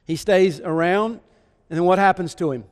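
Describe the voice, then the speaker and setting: High-voiced preacher telling a story. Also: male voice, normal speed, big-room sound. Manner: storytelling, with rhetorical questions. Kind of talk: sermon.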